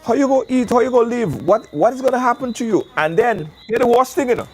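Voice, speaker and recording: With faint background music, a very high-pitched male voice talks fast. He's a Caribbean host of a live call-in show recorded outside in windy weather, casual and animated, repeating words for emphasis.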